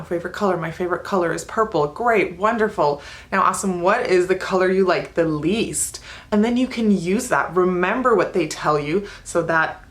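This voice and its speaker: Lively woman teacher, lowish voice. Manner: lively storytelling, acts out students and herself. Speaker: ESL teacher. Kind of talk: teaching tips video.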